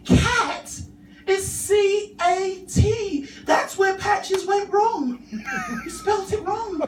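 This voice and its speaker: Woman doing an earnest English toddler boy, high and pleading, echoey room. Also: very slow, distant mic, faint music behind, full character voice. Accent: London English. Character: little boy aged three, innocent and earnest.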